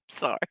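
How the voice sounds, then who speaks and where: A middle-aged woman with a somewhat bright voice hosts a casual livestream, giggling as she reads her viewers' jokes aloud. The recording has no echo.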